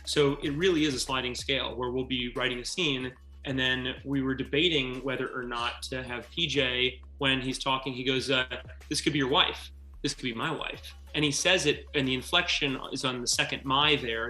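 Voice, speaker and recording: A man, a filmmaker guest, chatting in an interview, telling stories quickly and acting out quotes. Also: medium pitch, echoey room, faint music behind. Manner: animated, quick storytelling, acts out quotes. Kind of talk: casual interview chat.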